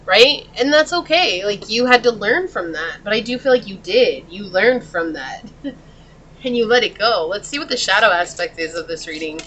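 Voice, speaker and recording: A woman's voice: mid-range voice, lively intonation, moderate pace, fairly bright tone, a little hiss or hum, low-quality recording. A woman giving a tarot reading in a chatty, casual way, talking straight to the viewer and laughing often. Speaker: tarot reader.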